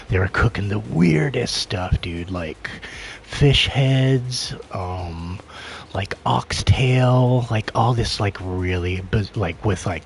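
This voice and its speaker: A deep-voiced man recounts his own past in a loose, unpolished way. He leans on filler words constantly and often sinks into a quiet mutter. A faint hiss of noise sits under his voice. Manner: rambling, heavy use of filler words; low-key, often drops to a quiet mutter. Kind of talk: casual personal storytelling.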